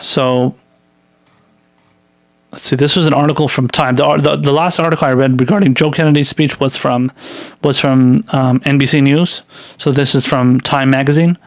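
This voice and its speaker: A man's voice: medium pitch, steady tone, normal speed, dry recording. A man hosting a political commentary show, reading news articles aloud and rambling through sarcastic, filler-heavy commentary on them.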